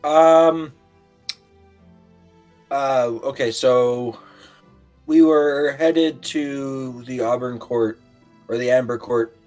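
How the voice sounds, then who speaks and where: A man recapping a tabletop game session in a rambling, halting way with lots of fillers, acting out quotes. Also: mid-range voice, steady tone, a little mellow, faint music behind. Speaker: player recapping the last session.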